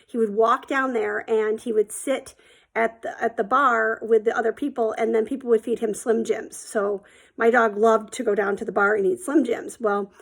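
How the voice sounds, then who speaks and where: A middle-aged woman tells a story from her own life, loose and chatty, full of filler words. Her voice sits slightly high, with a gravelly fry running through it. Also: fairly even intonation, normal speed. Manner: chatty, rambling, many ums and likes. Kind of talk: casual spoken storytelling.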